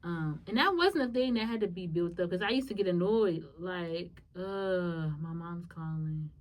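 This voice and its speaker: Animated woman podcast host, off mic. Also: normal speed, far from the mic. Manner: conversational, emotional, addresses listeners as y'all; swings between soft low musing and sudden high animated bursts. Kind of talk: solo podcast, personal storytelling.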